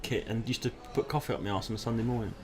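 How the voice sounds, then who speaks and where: Man, quick-fire rambling anecdotes, live comedy podcast, faint ambience. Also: fairly low pitch, a little hiss or hum. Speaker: podcast co-host.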